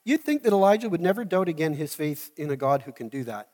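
A man preaching a sermon as a pastor, telling the story in an animated way and acting out the scenes. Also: a little high, brisk, hardly any pauses, in a large hall. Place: church hall.

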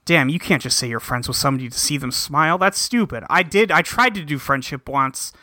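A man's voice: on the high side, animated, brisk, sharp tone, no room sound, studio quality, voice pushed down. A man doing a grumbling cynical young tough. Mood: irritated.

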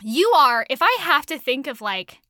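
A woman's voice: high voice, sing-song, normal speed, sharp tone, no room sound, studio quality. A young woman hosting a podcast, talking in a giggly, rambling, bubbly way. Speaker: podcast host. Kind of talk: casual podcast chat. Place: small closet.

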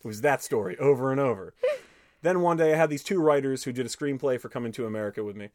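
A man hosting a podcast, reading an interview aloud with animated, profane storytelling and cutting in with his own comments. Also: medium pitch, fast talker, dry recording, clean studio sound. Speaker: podcast host.

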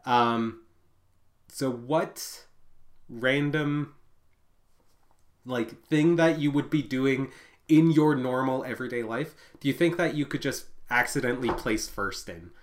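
A podcast host in casual chat, leading the talk with hesitant restarts. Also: medium pitch. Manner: unhurried, hesitant, lots of restarts.

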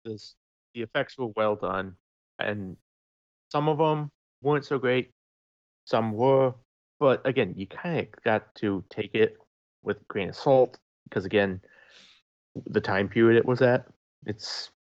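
A man's voice: medium pitch, measured pace, pauses often. A man co-hosting a podcast, chatting casually about a film, rambling a little and hedging as he talks. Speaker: podcast co-host. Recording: dull lo-fi mic.

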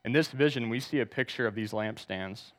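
A pastor with a lowish voice preaches briskly in a large hall. He reads scripture aloud and asks the congregation to turn to verses.

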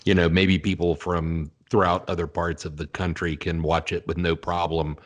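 A man's voice: sits low, little pitch movement, normal speed. A man in his fifties from the American South, hosting an interview in a chatty, opinionated way. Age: 50s. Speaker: podcast host. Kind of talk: casual interview chat.

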